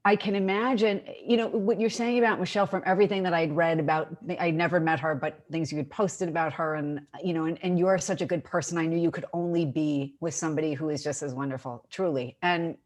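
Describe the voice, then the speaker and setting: A woman's voice: sits low, steady tone, fast talker, few pauses, a little mellow. A woman hosting an interview, speaking effusively and stammering through repeated starts. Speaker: interview host. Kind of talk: casual conversational interview.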